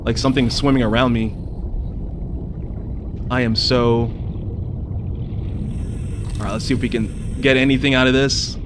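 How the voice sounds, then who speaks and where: A young gamer narrates a survival game in a mid-range voice with fairly even intonation, a measured pace and long pauses, over background noise. He's jumpy and profane, yelping and panicking when creatures get close.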